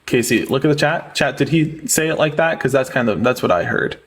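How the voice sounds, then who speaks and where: A man's voice: mid-range voice, expressive, a little fast, husky. A young man hosting a live online debate, mocking and sarcastic, often cutting his guests off. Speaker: livestream debate host.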